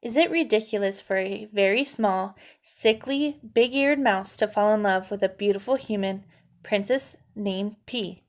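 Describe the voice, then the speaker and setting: A woman reading a children's novel aloud with an expressive storytelling cadence. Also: medium pitch, a little slow. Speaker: narrator.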